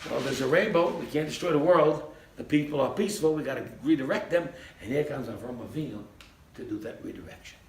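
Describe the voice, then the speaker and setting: A man teaching a Torah class as a rabbi, animated, acting out little scenes in funny voices and laughing along. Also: fairly high pitch, fast. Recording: echoey room, mic at a distance, faint background hiss.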